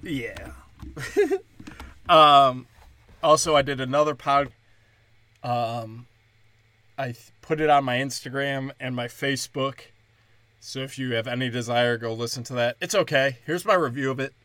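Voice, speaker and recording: A man's voice: medium pitch, a little slow, pauses often, bright, forceful tone, dry recording. A man hosting his own comedy podcast, talking casually and rambling with frequent swearing from a small closet. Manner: rambling, profane, conversational. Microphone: headphones and studio mic.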